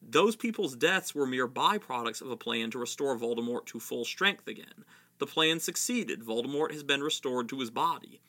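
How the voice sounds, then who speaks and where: A man voicing a wise old wizard headmaster, reading his lines gravely from a novel. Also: mid-range voice, animated, normal speed, sharp tone. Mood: stern.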